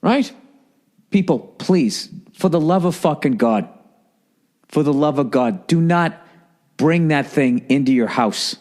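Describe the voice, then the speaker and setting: A man, talking in a rambling, profane, animated monologue as a podcast host. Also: a little high, measured pace. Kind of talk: casual monologue.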